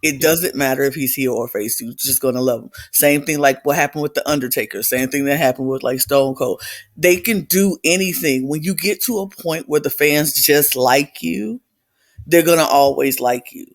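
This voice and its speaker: A man co-hosting a podcast in casual chat, relaxed and given to repeating himself. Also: fairly high pitch, normal speed. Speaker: podcast co-host.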